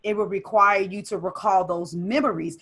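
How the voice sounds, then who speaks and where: A woman's voice: mid-range voice, steady tone, normal speed, fairly bright tone, slightly rough. A woman who is a personal development coach and business strategist, talking emphatically in a casual interview conversation. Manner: emphatic, driving coaching talk.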